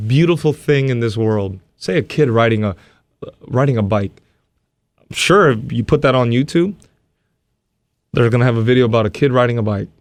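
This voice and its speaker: A man's voice: mid-range voice, normal speed, long pauses, no room sound. A man from Hawaii, a comedian and guest, chatting in a laid-back, easygoing way and laughing often. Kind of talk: casual interview chat.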